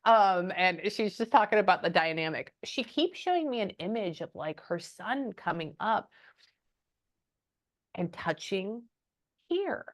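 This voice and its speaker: A woman giving a casual spoken reading as a psychic medium, often pausing and muttering "hold on" while she thinks. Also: mid-range voice, sing-song.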